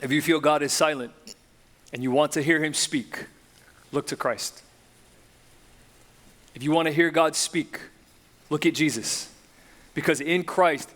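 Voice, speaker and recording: A young man preaching a sermon, swinging between loud, slow, emphatic build-ups and quiet, low reflection. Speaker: pastor.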